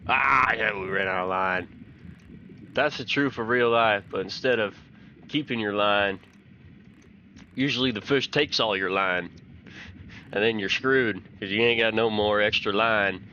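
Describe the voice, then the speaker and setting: A man's voice: fairly low pitch, unhurried, long pauses, highs cut off, slight background noise. A man from Texas, giving folksy, chatty commentary on a fishing game and telling fishing stories. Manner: folksy, chatty, excited when fish bite. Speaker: gaming channel host.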